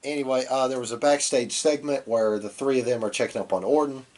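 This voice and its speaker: A man's voice: medium pitch, steady tone, a little fast, darkish tone. A man with a cold talks through last week's wrestling show, rambling and loose. His voice sits in the middle range. He coughs now and then and slips into little voices for the quotes. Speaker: podcast co-host. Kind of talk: casual wrestling recap.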